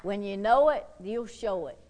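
A woman preaching a sermon, telling a story with lively quoted voices and exclamations. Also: mid-range voice, moderate pace, background noise.

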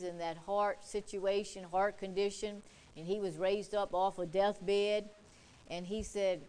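A woman's voice: mid-range voice, a little mellow, poor audio. A woman preacher delivering an emphatic sermon, repeating points and quoting scripture. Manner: emphatic, repetitive, quotes scripture.

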